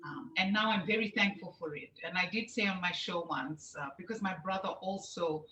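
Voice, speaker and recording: A middle-aged woman from Fiji, a show host, telling her life story as an interview guest with lively storytelling. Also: on the low side, moderate pace. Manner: lively, animated storytelling with laughs. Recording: echoey room, faint background noise.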